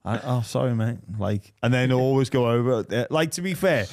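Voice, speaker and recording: A man in his thirties with a Liverpool accent, hosting a casual podcast chat and telling rambling, animated stories with acted-out quotes. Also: medium pitch, brisk, dry recording, clean studio sound. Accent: Liverpool English. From England. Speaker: podcast host.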